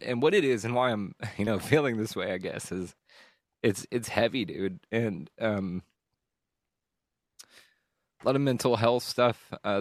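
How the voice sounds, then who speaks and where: A man hosting a podcast, talking candidly and emotionally about a hard stretch, rambling and swearing with frequent halting restarts. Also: fairly low pitch, dry recording, studio quality. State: emotional at times. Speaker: podcast host. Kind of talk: candid personal monologue.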